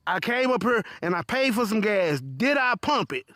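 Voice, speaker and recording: A man voicing a confused, insistent bald middle-aged white customer who asks slow, puzzled questions, in a dry, close recording. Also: sits high, big pitch swings, sharp tone, no room sound, exaggerated voice.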